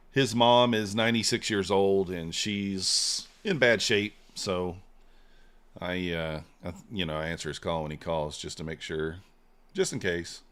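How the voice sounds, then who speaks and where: A man with a low, deep voice talks casually on a live trading stream. He rambles, fills gaps with "uh" and "you know," and lets his thoughts trail off on a drawn-out "so.". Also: fairly bright tone, clear, resonant tone. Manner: rambling, many fillers and trailing "so".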